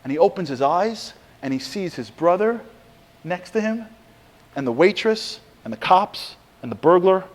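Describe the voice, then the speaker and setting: A middle-aged man preaches through a long story, his pitch rising and falling in big swings. His voice sits a little high for a man, and he acts out each quote with more and more drive. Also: expressive, normal speed. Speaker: speaker giving a Torah talk. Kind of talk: storytelling sermon.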